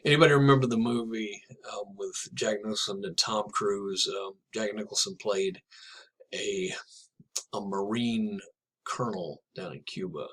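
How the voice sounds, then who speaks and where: A man teaching a literature class in a chatty, digressive way, reading poems aloud slowly and telling jokes along the way. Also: lowish voice, fairly bright tone, slightly rough, low-quality recording. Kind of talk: classroom lecture with poetry reading.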